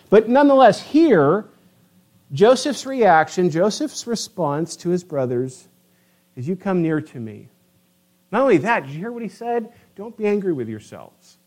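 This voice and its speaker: A man preaching a sermon, animated and emphatic, asking his listeners rhetorical questions. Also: a little high. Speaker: pastor.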